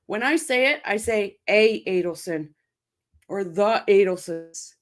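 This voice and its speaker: Angry woman ranting slowly on a livestream. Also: medium pitch. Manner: heated, swearing, speaks in short repeated bursts. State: angry and upset. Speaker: channel host reacting to a court case. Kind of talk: livestream commentary, reading chat.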